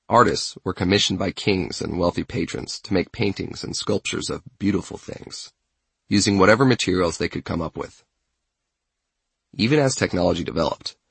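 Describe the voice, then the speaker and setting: Low gravelly male narrator, dry close sound. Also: fairly bright tone, no echo. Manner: measured essay narration. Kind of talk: scripted narration.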